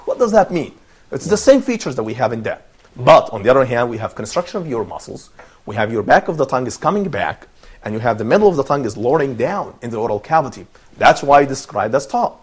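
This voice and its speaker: A man's voice: mid-range voice, very animated, quick pace, husky. Patient man teaching Arabic sounds. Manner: patient, explains step by step, repeats sounds for students to echo. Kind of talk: teaching pronunciation on a TV panel.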